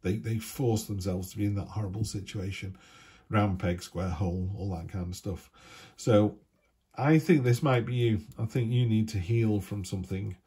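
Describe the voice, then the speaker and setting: Husky, mellow-voiced man reading tarot. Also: lowish voice, moderate pace. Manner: chatty, animated, rambling with asides. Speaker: tarot reader.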